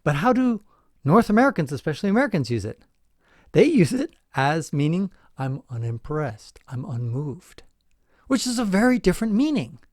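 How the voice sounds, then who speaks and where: A middle-aged podcast host explains his points in a casual, emphatic way, posing questions to listeners and chuckling now and then. His high voice is very animated and fairly quick, captured in a dry, clean studio recording.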